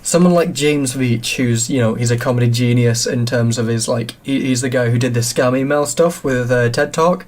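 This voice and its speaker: A man's voice: mid-range voice, moderate pace, few pauses, a little mellow. A man co-hosting a casual podcast chat, giving earnest opinions and tripping over his words now and then. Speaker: podcast co-host.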